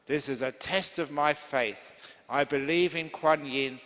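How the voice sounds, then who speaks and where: A devout old priest, stubborn to the point of shouting, as a man acts him out in a raised, strained voice. Long hall reverb trails behind every word. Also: on the high side, unhurried. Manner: insistent, defiant, shouting in the end.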